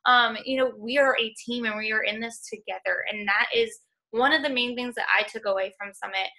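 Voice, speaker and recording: A woman's voice: on the high side, brisk, sharp tone. A young woman leading a coaching team, giving an earnest, encouraging motivational talk on a group call, full of "like" and "y'all". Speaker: fitness coaching team leader.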